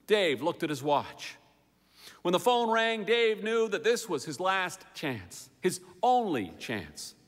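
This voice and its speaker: A man's voice: high-pitched, very animated, slow. A man reading a humorous story aloud with dry, wry narration. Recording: long hall reverb.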